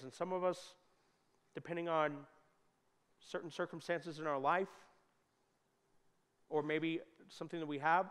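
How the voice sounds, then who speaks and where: A man preaching a sermon in a church, talking conversationally and joking, with sudden loud bursts. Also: fairly high pitch. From United States. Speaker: pastor. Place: church hall. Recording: long hall reverb.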